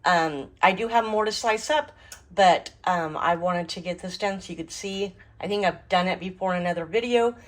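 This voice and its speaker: A woman's voice: on the low side, normal speed, low-quality recording. A middle-aged woman hosting a casual home cooking vlog, chatting through each step as she works. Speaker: home cooking and garden vlogger.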